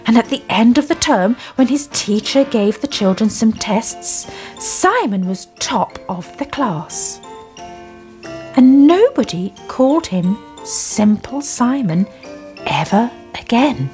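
Expressive woman reading a children's story. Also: fairly high pitch, slow, soft background music. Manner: expressive, sing-song.

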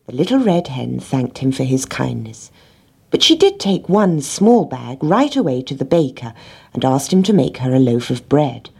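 A woman reads a children's storybook aloud in a gentle, expressive way. Her voice is low and husky, and her intonation swings widely as she tells the tale. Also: normal speed. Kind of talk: storybook narration.

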